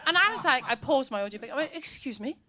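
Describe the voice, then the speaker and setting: A woman in her early thirties performs bawdy stand-up in a comedy club. Her voice sits high and swoops all over the place. She acts out scenes loudly and often breaks into shouts. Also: very animated, very fast, background noise. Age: 30s.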